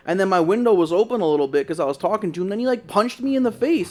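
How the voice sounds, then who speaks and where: A young man with a somewhat high voice tells a long story on a casual podcast. He rambles, stacking "like" after "like" and swearing freely as he goes. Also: lively intonation, racing, few pauses, a little mellow. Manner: rambling, lots of "like" and profanity. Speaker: podcast co-host.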